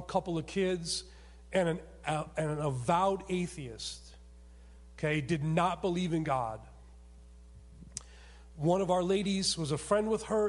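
A man preaching a sermon as pastor, telling a story with emphatic rises and sudden soft drops. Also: a little high. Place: church sanctuary. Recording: long hall reverb.

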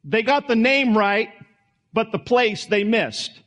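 A man's voice: sits high, animated, slow pace, fairly bright tone. A man preaching a sermon in a conversational, folksy way, with small asides and restarts. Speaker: pastor.

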